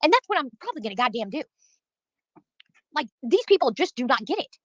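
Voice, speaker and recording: A woman's voice: sits high, very animated, fast talker, fairly bright tone, slight background noise, low-quality recording. A woman livestreaming, venting in a heated, profane rant while answering her chat.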